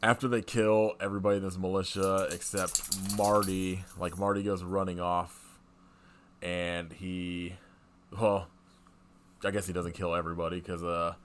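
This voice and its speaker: Deep voiced guy on a podcast rambling through a movie plot, lots of likes and ums, kinda wry. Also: level tone, moderate pace. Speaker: podcast co-host. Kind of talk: casual movie recap.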